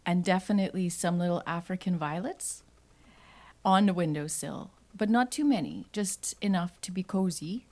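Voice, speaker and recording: A woman's voice: on the low side, moderate pace, a little mellow. A woman at a live open mic, telling a rambling personal story off the cuff and acting out family talk. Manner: rambling, laughs often, acts out family talk. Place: live venue.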